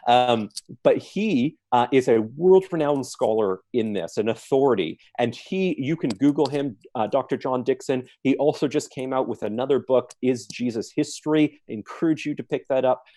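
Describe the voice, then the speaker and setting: A man's voice: mid-range voice, normal speed, warm tone. A man giving an earnest apologetics talk at a church forum, listing his points one by one with emphasis. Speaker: apologetics speaker. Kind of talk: forum talk answering questions.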